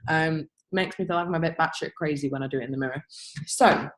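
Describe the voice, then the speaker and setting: A young woman leading her team over a video call, giving an energetic, blunt motivational rant with swearing and laughter. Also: low-pitched, fast talker, low-quality recording. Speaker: team leader.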